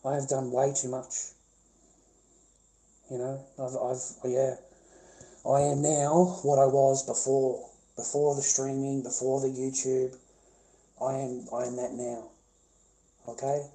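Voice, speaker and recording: A man with an Australian accent rants on a livestream, profane and confrontational, circling back to the same points again and again. His voice sits at an ordinary middle pitch with a dark, mellow tone. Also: level tone, slow, long pauses. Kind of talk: angry livestream rant.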